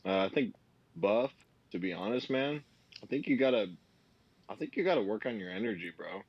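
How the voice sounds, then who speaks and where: A man calling in as a guest for casual chat, laid-back and slangy, with plenty of halting fillers and his mouth full of food. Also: fairly low pitch, animated, breathy edge, lo-fi sound. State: talking while eating. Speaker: call-in guest.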